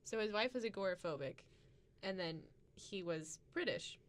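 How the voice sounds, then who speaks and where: A woman co-hosting a casual podcast, telling a story and breaking into giggles often. Her voice sits at an ordinary middle pitch for a woman. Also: expressive, normal speed. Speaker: podcast co-host. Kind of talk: casual chat.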